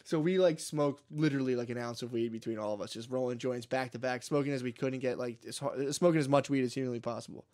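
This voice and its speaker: A man's voice: mid-range voice, fast talker, hardly any pauses, darkish tone. A man co-hosting a podcast, telling a long story in casual chat, swearing often and laughing as he goes. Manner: profane, laughing, rambling. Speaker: podcast co-host.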